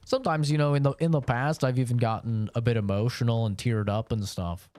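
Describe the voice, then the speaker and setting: A man's voice: medium pitch, steady tone, a little fast, darkish tone, no room sound. A young man streaming a game, telling a rambling, profane story in a casual chat full of fillers. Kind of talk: casual storytelling while gaming.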